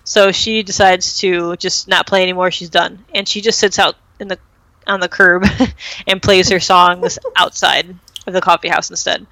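A young woman chats her way through an episode recap, full of "um" and "like" and quick acted quotes. Her voice is bright and forward, recorded dry and close with no room sound. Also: on the low side, little pitch movement, no room sound, low-quality recording. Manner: chatty retelling with many fillers and acted-out quotes. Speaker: podcast host recapping a TV episode. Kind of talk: casual chat.

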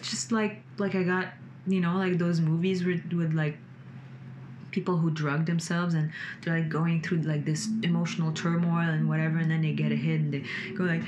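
A woman's voice: lowish voice, slight background noise. A woman vlogging about her emotions in a casual, rambling way, with plenty of "like" and swearing, sitting in a room lit by her computer. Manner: rambling, frequent "like" and swearing, expressive rises. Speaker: vlogger sharing personal growth. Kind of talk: casual spoken monologue.

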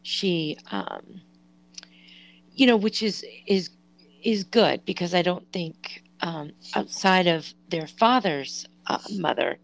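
A woman with a very low voice talks slowly on a podcast, stopping often with ums and you-knows. Her speech is halting and reflective, in a casual conversational tone. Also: gravelly, poor audio. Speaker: podcast co-host. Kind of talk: casual chat.

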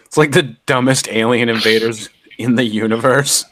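A man's voice: medium pitch, fairly even intonation, moderate pace, fairly bright tone, a little hiss or hum. A man co-hosting a podcast in casual chat, a playful, crude joker. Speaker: podcast co-host.

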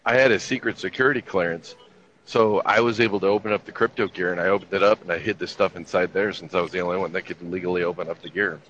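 A man's voice: sits low, steady tone, quick pace, fairly bright tone, a little hiss or hum. A man in his fifties telling army stories in casual chat, with a laid-back, profane, wry delivery. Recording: dull lo-fi recording with faint ambience.

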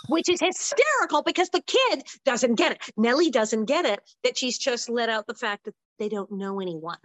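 A woman guest in an interview telling an animated story, acting out the voices of the people in it. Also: normal speed, no room sound. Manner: lively, acts out quoted voices with big pitch jumps.

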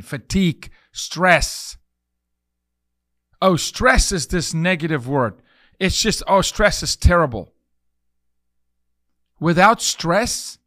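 A man holds forth on his podcast in an unhurried, insistent way, hammering his points home by saying them twice. His voice sits a little higher than most men's. The sound is dry and close. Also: fairly bright tone, no room sound. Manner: emphatic, repeats key phrases, storytelling. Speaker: podcast host. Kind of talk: preachy podcast monologue.

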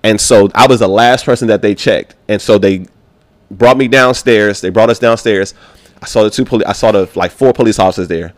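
A man from Baltimore, a podcast guest, telling a story in a slangy, animated way and acting out the voices of the people in it. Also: lowish voice, fairly quick, dry recording. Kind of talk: casual storytelling.

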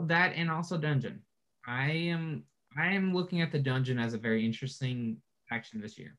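A man's voice: mid-range voice, fairly bright tone. A man co-hosting a casual podcast, thinking aloud with hesitant restarts. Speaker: podcast co-host. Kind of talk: casual chat.

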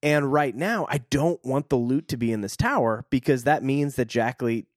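A man co-hosting a casual podcast, reading a book aloud and chatting with lively laughter. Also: medium pitch, normal speed, no room sound, clean studio sound. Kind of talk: casual chat and read-aloud.

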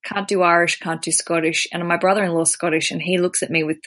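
An Australian woman hosting a podcast in casual, chatty talk, animated and quick to poke fun at herself. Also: lowish voice. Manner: chatty, animated, self-deprecating. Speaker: podcast host.

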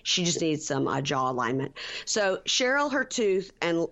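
A low-pitched woman tells a reality-show story in a casual podcast chat. She jumps into high, loud voices when she quotes people. The audio sounds a little dull and lo-fi. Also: very animated, moderate pace. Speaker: podcast co-host.

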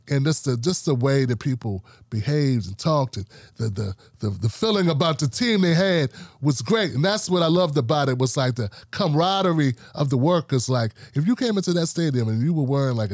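A man's voice: mid-range voice, no room sound, clean studio sound. A man in his forties from the Washington, D.C. area, hosting a podcast and telling stories casually, acting out the people he quotes. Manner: animated, acts out quoted coworkers. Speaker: podcast host. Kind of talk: casual storytelling chat.

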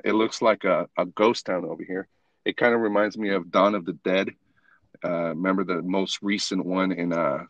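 A laid-back man hosts a podcast chat, talking low and loose, swearing freely as his sentences wander and restart. The sound is dry and a little muffled, with no room around it. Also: fairly bright tone, no echo. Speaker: podcast host. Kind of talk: casual chat. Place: parked car in an empty parking lot.

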